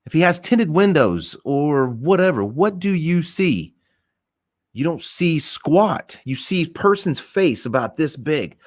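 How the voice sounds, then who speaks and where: Man, police officer, podcast rant, emphatic, profane, repeats himself, animated pitch. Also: a little slow, dry recording. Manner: emphatic, blunt and profane, repeats points for stress. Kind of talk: opinionated podcast talk.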